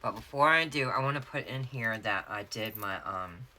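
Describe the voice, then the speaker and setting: Bright, chatty Southern woman vlogger. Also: very deep voice, animated, normal speed. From North Carolina, US. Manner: chatty storyteller, addresses viewers as y'all. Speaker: planner vlogger. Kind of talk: casual chat while planning.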